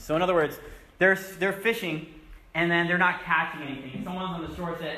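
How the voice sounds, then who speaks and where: A man's voice: fairly high pitch, fairly even intonation, fairly quick, bright, forceful tone. A man giving a sermon, reading scripture aloud and explaining it in a conversational teaching manner. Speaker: preacher. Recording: echoey room.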